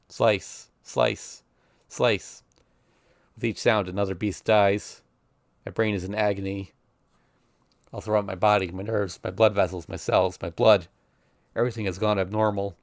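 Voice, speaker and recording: A low-voiced male streamer reads a visual novel aloud dramatically, giving intense, emotional first-person narration. The studio sound is clean with no echo.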